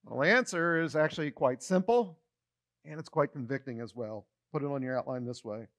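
A man's voice: medium pitch, a little fast, fairly bright tone. A man pastor giving a conversational sermon, often repeating words as he starts a phrase and acting out everyday quotes with a shifting tone.

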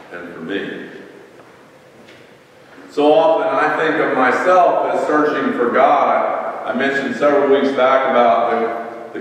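Unhurried older male pastor, joking sermon. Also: mid-range voice, a bit bright. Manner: unhurried, joking asides with congregation. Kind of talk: conversational sermon. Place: church sanctuary. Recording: echoey church hall from far off.

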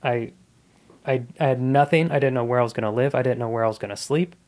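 A man's voice: medium pitch, quick pace, darkish tone. A man in his thirties, a comedian guest on a podcast, telling his life story in a casual, earnest and reflective way.

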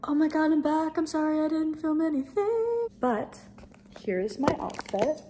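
A woman's voice: high-pitched, lively intonation, unhurried, dark tone, soft background music. A young woman rambling to the camera in a casual home vlog, chatty and full of fillers. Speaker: lifestyle vlogger. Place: at home, indoors.

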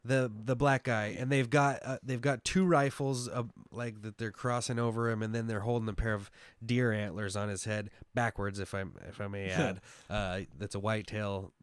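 A man's voice: lowish voice, flat delivery, normal speed, hardly any pauses, clean tone, dry recording. Rambling podcast guy, dry close mic. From Oregon. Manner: rambling, swears freely, lots of fillers and restarts. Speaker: podcast co-host. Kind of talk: casual podcast chat. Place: hot small room.

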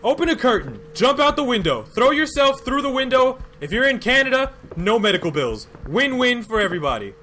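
Man, let's play commentary, very high voice, lively pitch, faint hiss behind. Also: a little fast, few pauses. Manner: jumpy, loud and joking, yelling at the game. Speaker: gaming video host.

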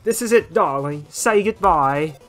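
Man reads flamboyant robot showman, slow, sing-song, melodramatic, game tune underneath. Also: fairly high pitch, expressive, a bit bright, soft background music. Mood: theatrical. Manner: theatrical, drawn-out, mock-tragic.

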